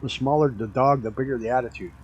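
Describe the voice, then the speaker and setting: A man's voice: medium pitch, fast, darkish tone, muffled recording, a little hiss or hum. A man streaming a flight game, chatting casually and rambling through stories with the odd swear word. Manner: laid-back rambling storyteller, swears casually.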